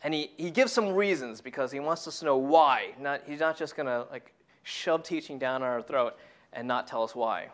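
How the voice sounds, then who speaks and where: A man's voice: medium pitch, normal speed, fairly bright tone. A man preaching a casual sermon to young people, conversational and emphatic, who keeps repeating his key phrases.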